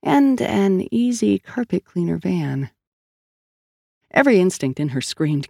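A woman's voice: on the low side, big pitch swings, a little slow, vocal fry, dark tone, dry recording, clean studio sound. A woman narrating a novel in clipped, terse scripted storytelling. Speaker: audiobook narrator.

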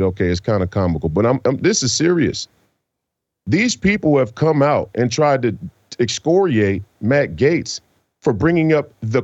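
A man's voice: on the high side, no echo. Fired-up man on dull dry audio. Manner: fired up, emphatic, dramatic pauses. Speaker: guest commentator. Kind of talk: impassioned political commentary.

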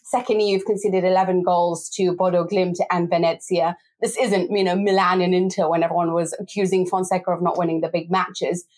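A woman hosting a football podcast discussion, talking fast and sounding exasperated, with frequent laughs. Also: lowish voice, little pitch movement, darkish tone.

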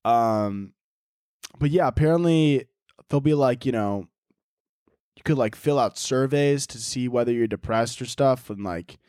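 A man's voice: mid-range voice, unhurried, darkish tone, no echo, studio quality. A young man hosting a solo podcast, rambling casually, swearing often and laughing at his own jokes. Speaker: podcast host.

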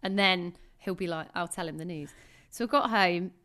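A woman's voice: lowish voice, normal speed, a bit bright. A woman in her thirties co-hosting a podcast, chatting casually and laughing often as she tells a story. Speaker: podcast co-host. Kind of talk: casual chat.

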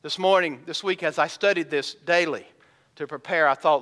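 A man with a high voice preaches a sermon as pastor. He is emphatic and leans on dramatic pauses. He slows right down when he reads scripture aloud. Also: a bit bright.

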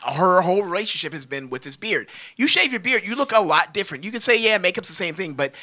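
A man with a high, lively voice banters on a podcast, jumping in and joking. His tone is very bright and sharp. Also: fast talker. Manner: animated, jokey, talks over others. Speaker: podcast co-host. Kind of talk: casual chat.

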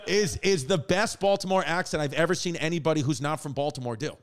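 A man's voice: on the high side, quick pace, crowd noise. A man co-hosting a casual comedy podcast, telling rambling, profane stories with lots of restarts. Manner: rambling, profane, animated storytelling. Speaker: podcast co-host.

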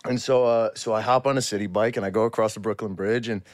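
A man guesting on a podcast, telling a story in a casual, animated way, often breaking into laughter. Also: on the low side, quick pace, no room sound, studio quality.

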